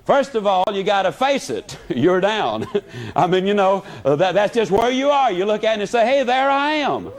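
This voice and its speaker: A man giving a motivational speech, telling it in a folksy, animated way with humor. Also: high-pitched, moderate pace. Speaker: motivational speaker.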